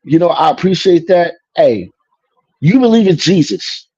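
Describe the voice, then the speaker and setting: A man from Chicago tells a personal story in an easy, casual way, acting out the lines people said and filling in with "you know." His voice is warm and mellow. The recording is dry and slightly muffled. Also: fairly high pitch, lively intonation, measured pace, slightly rough, no echo. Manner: acts out dialogue, lots of "you know".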